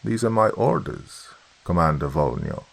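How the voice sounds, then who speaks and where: Casting: man playing a cold, indignant cosmonaut, radio talk, very deep gravelly voice. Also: lively intonation, a little slow, full character voice. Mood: stern.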